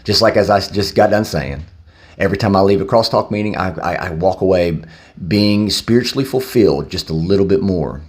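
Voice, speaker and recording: A man's voice: low-pitched, a little fast, a little mellow. A man speaking casually to camera, telling a recovery story loosely, with many fillers. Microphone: handheld camera.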